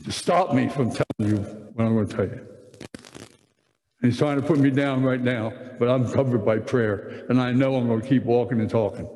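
A man preaching a sermon to a room of people, telling a story with many restarts and animated emphasis. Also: medium pitch, long reverb tail, rough recording. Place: large room with audience.

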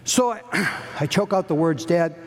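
A middle-aged man preaching a sermon, telling a story earnestly, rising high and dropping to a hush. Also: animated, moderate pace. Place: church hall. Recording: long hall reverb.

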